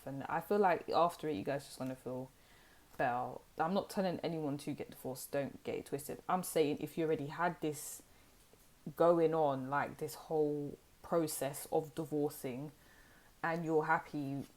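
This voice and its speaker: A woman's voice: low voice, darkish tone. A young woman giving a casual, sassy tarot reading to camera, full of "like" and "you know". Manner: chatty and sassy, heavy use of "like" and "you know". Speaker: tarot reader.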